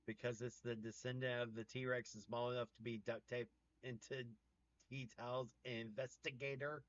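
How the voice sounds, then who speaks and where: A man's voice: medium pitch, level tone, moderate pace, dry recording. A man from the American South who hosts a casual livestream, joking, trading puns and greeting viewers by name. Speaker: livestream host. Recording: slightly muffled dry mic.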